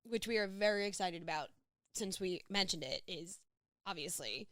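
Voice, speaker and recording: Excitable woman podcast co-host, dry mic. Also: mid-range voice, normal speed, no echo. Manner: excitable, laughs often, trails off mid-sentence. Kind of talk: casual chat.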